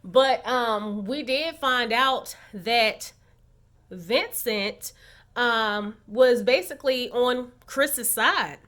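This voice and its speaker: A woman talks straight to her viewers in a casual recap vlog, sassy and animated as she dishes on the latest episode. Her voice sits high and comes across bright and sharp. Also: extremely slow. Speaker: recap vlogger. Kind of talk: casual reality-show recap.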